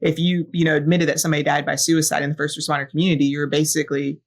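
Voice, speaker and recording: A woman's voice: low voice, level tone, very fast. A woman guest on a podcast, a fire battalion chief, telling a personal story in an earnest, reflective way with lots of ums and uhs. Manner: earnest, reflective, frequent filler sounds.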